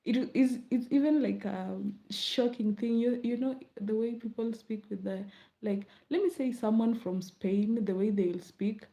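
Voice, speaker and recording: A young Kenyan woman with a Kenyan accent chatting casually late at night, rambling and laughing, often dropping to a soft murmur. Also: on the high side, unhurried, dull audio. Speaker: vlogger.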